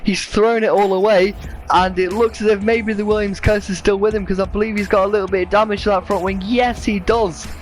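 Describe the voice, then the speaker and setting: A man with a high voice calls a sim race lap by lap, keen and quick, his voice getting strained. Music runs faintly under his commentary. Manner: excited, fast play-by-play. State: losing his voice.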